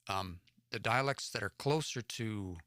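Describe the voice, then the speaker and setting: Male livestream host from Edmonton, slow and tentative, low voice, translating as he reads. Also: fairly bright tone, no room sound, clean studio sound. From Edmonton area, Alberta, Canada. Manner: thinking aloud, tentative, sounding out words. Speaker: livestream host reading Cree stories. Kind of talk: reading aloud and translating word by word.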